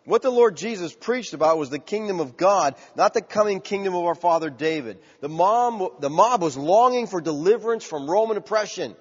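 A man preaching a sermon, asking the congregation questions and building to loud cries. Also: high-pitched, expressive, moderate pace, few pauses, slightly rough. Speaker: pastor. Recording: dull sound with long hall reverb.

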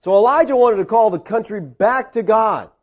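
A man preaching a sermon, telling a story with swings between quiet asides and loud peaks. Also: high-pitched, moderate pace, highs cut off. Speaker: pastor.

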